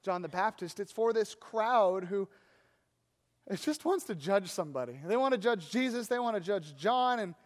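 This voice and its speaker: A man preaching a sermon as pastor, animated and full of rhetorical questions. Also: high-pitched, normal speed, long reverb tail.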